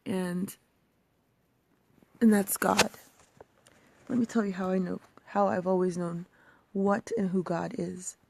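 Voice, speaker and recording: A woman in her thirties vlogging personal reflections, emotional and halting, sometimes dropping to a near-whisper. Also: fairly low pitch, flat delivery, creaky, slight background noise.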